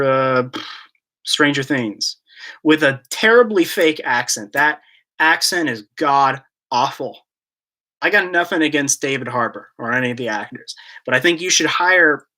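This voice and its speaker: A man's voice: mid-range voice, pushed and bright. A man hosting a casual live-stream Q&A, rambling and joking as he reads out and answers chat questions. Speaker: YouTube collector channel host.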